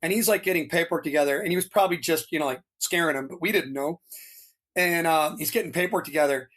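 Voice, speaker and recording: Animated storytelling man, higher voice. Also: fast. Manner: rambling, filler-heavy, animated when quoting others. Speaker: interview guest, retired fire lieutenant. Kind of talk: casual storytelling.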